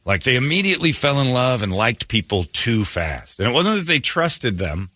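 A man's voice: mid-range voice, big pitch swings, moderate pace, bright, forceful tone, no room sound. A man hosting a morning radio show, joking and rambling in casual banter at a studio microphone.

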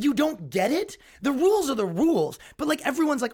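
Young man, podcast host; exasperated comedic ranter, high-pitched and very animated. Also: fast talker, few pauses. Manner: exasperated, ranting, mocks others in put-on voices. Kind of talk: solo comedic rant.

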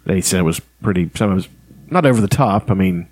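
A man's voice: deep voice, expressive, fast, darkish tone. A man co-hosting a casual podcast, rambling and swearing through crude banter with friends. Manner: rambling, swears, laughs often. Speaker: podcast co-host.

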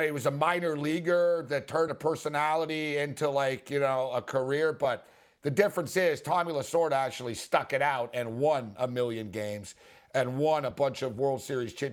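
A man hosting a sports talk show, telling stories in a rambling, excitable way. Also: a little high. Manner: rambling, excitable storytelling with laughs and acted quotes. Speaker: sports radio host.

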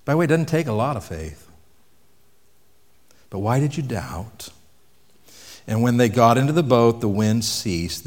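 A man preaching a sermon in a conversational way, asking the audience questions and dropping his voice for emphasis. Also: mid-range voice. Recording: long reverb from a hall.

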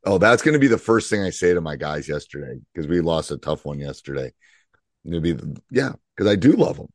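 A hoarse middle-aged man hosting a youth basketball coaching podcast, talking casually and haltingly with fillers. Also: sits low, very animated, dry recording.

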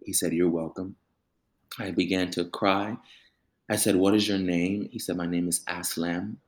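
A man's voice: low-pitched, moderate pace. A young adult man, a musician, telling a personal story in an interview and acting out the voices of the people in it. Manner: animated storyteller acting out quoted voices, with laughter. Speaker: musician and band leader.

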